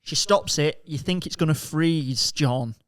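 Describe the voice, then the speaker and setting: A man's voice: on the high side, measured pace, fairly bright tone. A man co-hosting a podcast, eagerly jumping in to redirect an improvised comic story. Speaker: podcast co-host. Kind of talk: improvised comedy chat.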